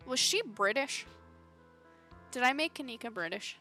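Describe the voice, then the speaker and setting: A woman's voice: on the high side, lively intonation, measured pace, gravelly, long pauses, pushed and bright, soft background music. A woman streamer reading a story game's dialogue aloud live, putting on character voices and chatting between lines. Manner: chatty, reads dialogue aloud, self-commenting. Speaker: streamer playing a narrative game.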